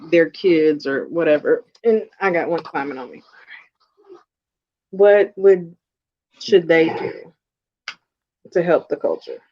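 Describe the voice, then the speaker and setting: A woman's voice: on the low side, darkish tone. A woman hosting a podcast in a casual chat, speaking candidly and bluntly about raising her kids as a mother. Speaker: podcast host. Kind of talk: casual conversation. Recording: dull, muffled lo-fi audio.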